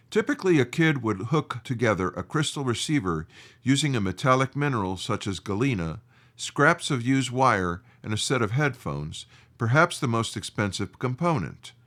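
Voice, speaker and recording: A man presenting a radio history segment in scripted narration, reading in a measured, deliberate way. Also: mid-range voice, a bit bright.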